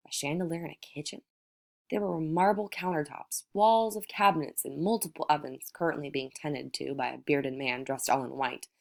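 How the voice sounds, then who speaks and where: A woman reads a novel aloud in a measured, even manner. Her voice sits low and steady. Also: creaky. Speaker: audiobook reader. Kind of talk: novel narration read aloud.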